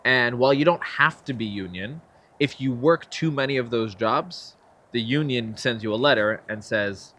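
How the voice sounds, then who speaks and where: Medium-pitched and moderately paced, a young man tells stories as a guest in an informal interview. He is a filmmaker and actor who animatedly acts out the quotes, laughing as he goes.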